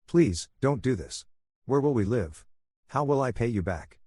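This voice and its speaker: A man's voice: mid-range voice, lively intonation, warm tone, breathy edge, no echo, studio quality. A man voicing a desperate middle-aged woman who begs and pleads through tears in a spoken story. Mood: pleading. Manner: begging, tearful, rushed.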